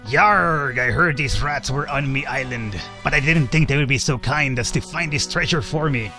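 A man's voice: medium pitch, normal speed, sharp tone, faint music behind, lightly acted. A man voicing a menacing male pirate captain in a video game playthrough, with growling pirate talk.

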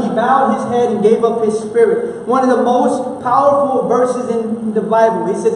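This man's voice is very high-pitched, moving at normal speed with hardly any pauses. He's a pastor from Houston, Texas, giving an earnest, conversational sermon and frequently restarting sentences, recorded from afar in an echoey church hall with slight background noise.

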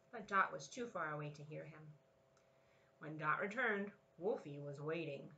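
A woman in her thirties, a children's librarian, leading a family storytime with a lively, encouraging read-aloud manner. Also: sits low, moderate pace, creaky, low-quality recording.

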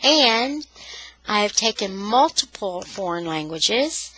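A woman's voice: medium pitch, sing-song, slow, sharp tone, slightly rough, low-quality recording. A woman from Texas with a Californian accent, reading a novel aloud to online listeners and adding chatty, friendly asides that explain words. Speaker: storyteller.

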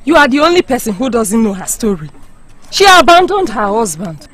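An actress playing a sharp-tongued village woman, bitter and gossipy. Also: on the high side, big pitch swings, a little fast. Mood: gossiping. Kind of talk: Nollywood film acting. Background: soft film music.

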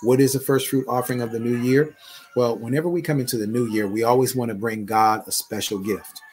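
A man's voice: medium pitch, steady tone, brisk, a little mellow, a little hiss or hum. Emphatic middle-aged male preacher. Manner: emphatic, conversational preaching with repeated phrases. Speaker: bishop and online pastor. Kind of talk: live prayer broadcast talk.

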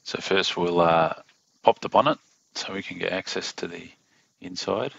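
A man with an Australian accent giving a casual step-by-step car install tutorial as a voiceover, in a self-described monotone with plenty of fillers. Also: sits low, vocal fry, breathy edge, highs cut off. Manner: monotone, plain and unhurried, with fillers. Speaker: DIY car install host. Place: home studio voiceover.

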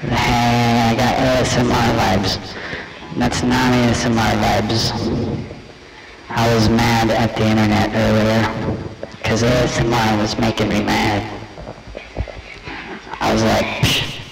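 A man's voice: lowish voice, flat delivery, takes it slowly, echoey room, very noisy. A man livestreaming in a rambling, profane, jokey casual talk.

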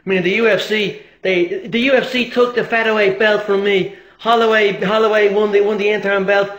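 A man's voice: sits high, fairly even intonation, a little fast, fairly bright tone, roomy sound. A man impersonating a brash, boastful male fighter who swears and trash-talks. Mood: cocky.

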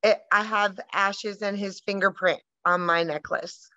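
A woman's voice: medium pitch, fairly even intonation, measured pace, sharp tone, no room sound, dull audio. An older woman, a client at a reading, giving short, hesitant answers.

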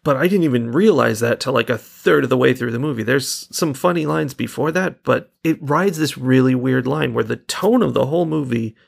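Man podcast co-host with a heavy vocal fry, wry and relaxed. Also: medium pitch, fairly quick, few pauses. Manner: relaxed, wry, laughs often. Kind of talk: casual movie discussion.

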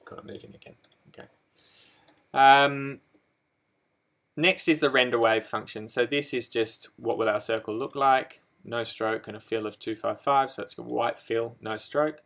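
A man's voice: mid-range voice, fairly even intonation, normal speed, fairly bright tone. A man walking through code in a casual screen-recorded tutorial, hesitant with many ums and restarts. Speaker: coding tutor.

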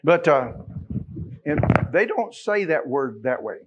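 A man's voice: on the high side, big pitch swings, slow pace, slightly rough, muffled recording. A man with a Texan accent preaching a sermon as pastor, folksy and joking with his congregation.

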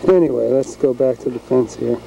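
A man's voice: medium pitch, a little fast, creaky, mellow, a little hiss or hum, low-quality recording. A man narrating casually as he films his farm outdoors on a handheld camcorder, folksy and rambling. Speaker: home video maker. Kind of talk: casual narration while filming. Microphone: handheld camcorder mic.

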